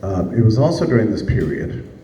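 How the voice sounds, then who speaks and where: A man lectures to a live audience, his delivery emphatic and laced with sarcasm. His voice is dark and low, and it is picked up from some distance. The room around him is echoey. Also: big pitch swings, a little fast. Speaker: speaker giving a talk. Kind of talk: public lecture. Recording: echoey room, heard from a distance, faint noise.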